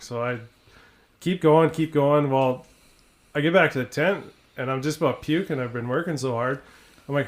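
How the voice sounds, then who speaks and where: A man's voice: medium pitch, normal speed. A man who is a podcast guest, talking in a blunt, laid-back way. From Canada. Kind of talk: casual chat.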